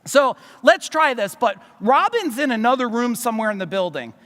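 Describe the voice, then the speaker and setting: A man from New Jersey giving a loud, fast, profane motivational business seminar to a live audience in a large hall. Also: extremely high pitch, expressive. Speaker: business speaker. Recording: long reverb of a large hall.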